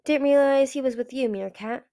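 A woman reading aloud who voices a big, hostile male dragon soldier with loud, snapping threats. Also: extremely high pitch, moderate pace, pitched above the performer's own voice. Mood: gruff.

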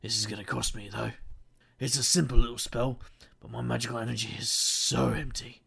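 A man doing a gravelly, wisecracking detective. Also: medium pitch, fairly even intonation, brisk, fairly bright tone. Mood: wry. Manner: dry, wisecracking first-person narration. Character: wry, sardonic male detective, weary and broke. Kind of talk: first-person audio drama narration.

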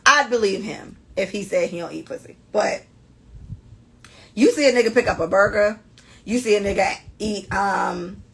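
A woman's voice: medium pitch, vocal fry, slightly rough. A woman co-hosting a casual podcast, blunt and profane as she reads out and reacts to listener stories. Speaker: podcast co-host.

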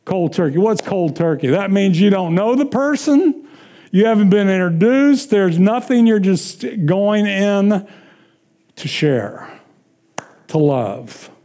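A man's voice: high-pitched, expressive, mellow. A man preaching a sermon, asking the congregation questions and answering them himself, then telling casual personal stories with chuckles. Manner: slow, drawn-out preaching with call-and-response questions; chuckles through casual anecdotes.

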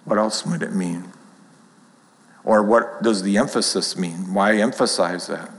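Man, Bible class teacher, slow deliberate pace, reads verses with rising emphasis, echoey room with long reverb. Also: on the low side.

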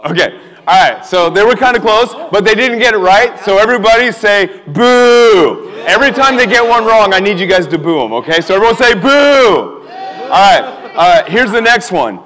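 A young man preaching an energetic sermon as a youth pastor, animated and laughing often as he calls on the crowd to respond. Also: sits high, moderate pace. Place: church hall with a live audience. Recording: reverberant hall.

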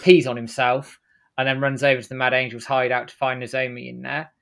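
A man co-hosting a podcast, briskly recapping an episode and tossing off the characters' quotes as he goes. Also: medium pitch, flat delivery, vocal fry, fairly bright tone. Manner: brisk storytelling, acts out quotes in passing. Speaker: podcast co-host. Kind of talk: casual recap narration.

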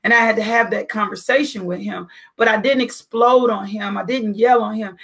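A woman's voice: medium pitch, fairly even intonation, moderate pace, vocal fry, fairly bright tone, breathy edge. A middle-aged mother giving an earnest, preachy faith-based parenting talk, full of rhetorical questions.

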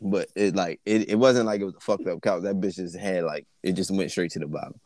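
A young man co-hosting a podcast, telling stories in relaxed slang-heavy casual chat. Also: low voice, a little fast, no echo. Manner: laid-back storytelling with slang and frequent laughter. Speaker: podcast co-host.

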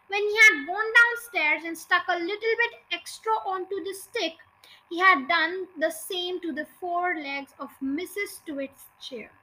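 Very high-voiced woman reading a storybook. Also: pushed and bright, low-quality recording. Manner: chatty, with small slips and self-corrections. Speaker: podcast host reading a book.

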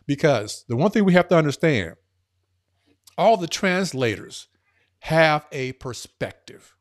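An earnest man talking as a podcast guest, with a voice a touch high for a man. He presses his points with emphasis, rushing some phrases and stretching others out slowly. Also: very animated. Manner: earnest and emphatic, speeding up and slowing down. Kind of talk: casual conversational podcast talk.

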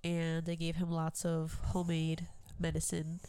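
A woman's voice: sits low, unhurried, clear, resonant tone, no room sound. A young woman co-hosting a casual podcast chat, telling a story animatedly and acting out what people said. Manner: animated storyteller, acts out quotes. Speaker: podcast co-host.

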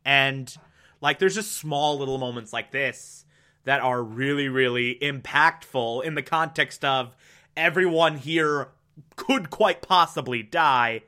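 A man's voice: medium pitch, slow pace, sharp tone. A man giving a casual, chatty recap of a TV episode, laughing often and using lots of fillers. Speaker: podcast host.

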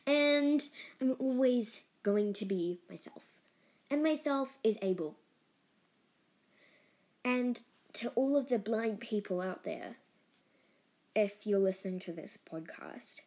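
A woman hosting her own podcast in a casual solo monologue, earnest and openly emotional, with giggles and bursts of excitement. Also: medium pitch. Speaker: podcast host.

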